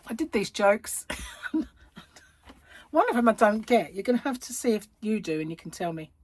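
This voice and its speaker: A woman's voice: mid-range voice, big pitch swings, moderate pace. A middle-aged woman hosting a crochet channel, chatting casually at home, rambling and laughing often. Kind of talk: casual chat to camera. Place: at home, indoors.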